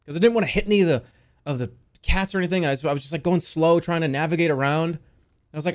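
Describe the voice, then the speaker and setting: Young guy rambling thru a crazy dream story, swears a ton, voice kinda higher, keeps yelling out the panicky bits. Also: very fast. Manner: rambling, swears a lot, restarts, jumps into loud panicked quotes. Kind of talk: casual storytelling, recounting a dream.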